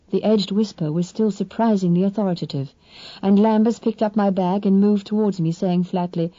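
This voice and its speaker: A woman reading a novel aloud in measured, expressive first-person narration. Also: medium pitch, no echo, lo-fi sound. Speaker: audiobook narrator.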